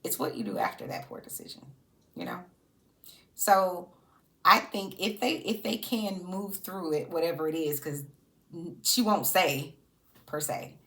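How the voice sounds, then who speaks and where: A sassy woman gives casual reaction commentary on reality TV. Her low-pitched voice swings widely and animatedly, and she breaks into laughter often. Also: animated, a little slow, sharp tone.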